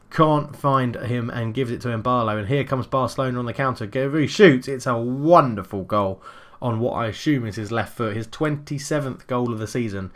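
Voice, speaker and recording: A man doing let's play commentary on a football management game, calling the action play by play and getting loud and excited at goals. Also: mid-range voice. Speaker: gaming YouTuber.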